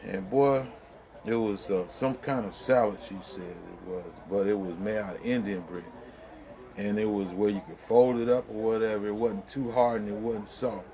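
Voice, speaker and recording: A man's voice: on the low side, fairly even intonation, normal speed, creaky, mellow. A middle-aged man spinning a loose personal story straight to his viewers. His talk is colloquial and rambling, with many fillers, and he often breaks into laughter as he goes. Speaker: vlogger. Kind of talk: casual storytelling.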